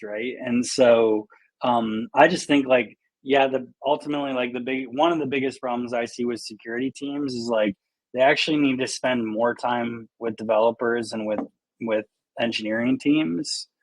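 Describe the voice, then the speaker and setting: A man's voice: medium pitch, no room sound, rough recording. Man on a panel, dry close sound. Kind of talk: casual panel discussion.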